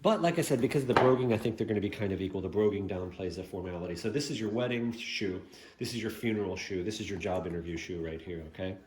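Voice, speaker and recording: A man's voice: on the low side, fast talker, darkish tone, roomy sound. A man chatting casually about his shoe collection, rambling with lots of fillers and asides. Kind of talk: casual show-and-tell vlog.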